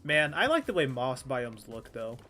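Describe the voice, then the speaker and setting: With faint music behind him, a male gaming streamer speaks at medium pitch and normal speed, his sharp tone marked by big pitch swings. He rambles casually over his gameplay, stammering, ribbing himself, and swearing frequently.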